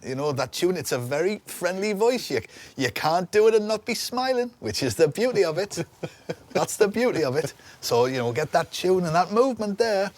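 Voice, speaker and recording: Playful male impressionist, lively voice. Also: sits high, moderate pace. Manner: playful, slips into impressions and laughs often. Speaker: guest impressionist. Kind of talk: casual chat on a cooking show. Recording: faint background noise in a studio kitchen.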